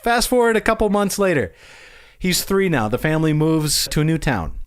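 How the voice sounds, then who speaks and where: A man's voice: fairly high pitch, normal speed, smooth. A man hosting a podcast, telling stories in a casual, amused way and acting out the quotes. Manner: animated, amused, acts out quotes. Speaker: podcast host. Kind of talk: casual storytelling.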